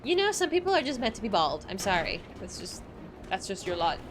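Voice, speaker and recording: A woman's voice: mid-range voice, sing-song, fairly quick, faint music behind. A woman streamer giving casual, joking commentary while she plays. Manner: chatty, joking.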